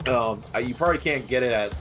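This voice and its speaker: A man co-hosting a game stream, rambling in halting casual chat with many fillers, sometimes with his mouth full. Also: mid-range voice. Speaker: stream co-host. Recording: livestream with game music behind. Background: game music.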